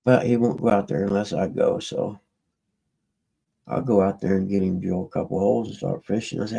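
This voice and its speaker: A man's voice: on the low side, fairly even intonation, fast, creaky, warm tone, slightly rough, poor audio. A man chatting casually with his livestream viewers, rambling in a folksy way and often trailing off and starting over. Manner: meandering, folksy, trails off and restarts. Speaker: livestream host.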